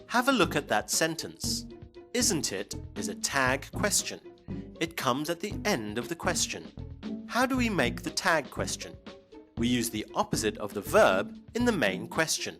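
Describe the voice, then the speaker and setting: A man presenting a scripted English lesson, speaking clearly and slowly for learners. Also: mid-range voice, wildly swooping pitch, over music. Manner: clear, slow teaching delivery. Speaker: English teacher.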